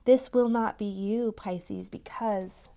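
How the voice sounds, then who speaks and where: A tarot reader gives her viewers a reading, her medium-pitched voice slow and touched with vocal fry. She sounds encouraging and softly emphatic, now and then bursting into excited exclamations.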